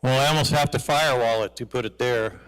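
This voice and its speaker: A man's voice: medium pitch, fast, a bit bright, clean tone, low-quality recording. Man doing a casual mic check. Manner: chatty, asks the room questions. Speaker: person running a sound check. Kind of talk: casual sound check chat. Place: church sanctuary. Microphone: handheld mic, held at varying distances.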